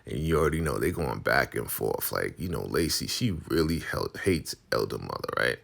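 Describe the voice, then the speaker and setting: A man with an extremely deep, gravelly voice recaps a TV episode. His delivery is laid-back and slangy, and he tells the story in a lively way. His low register rumbles with fry. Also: normal speed, few pauses. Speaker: TV recap vlogger.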